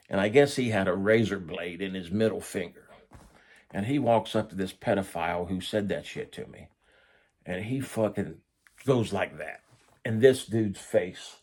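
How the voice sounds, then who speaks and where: A man's voice: fairly low pitch, darkish tone, slightly rough. A middle-aged man casually telling prison stories, blunt and profane. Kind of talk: casual storytelling.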